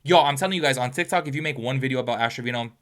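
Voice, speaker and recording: A man hosting a gossip commentary video, chatty and animated as he gives his opinions. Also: mid-range voice, very fast. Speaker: commentary channel host.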